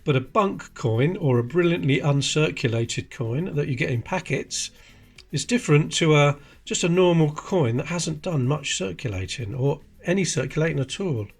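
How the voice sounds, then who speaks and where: A man's voice: a little high, animated, normal speed, gravelly, slightly rough, soft background music. A man hosting a coin collecting channel, chatting casually and explaining details while handling coins. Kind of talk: casual coin-sorting commentary.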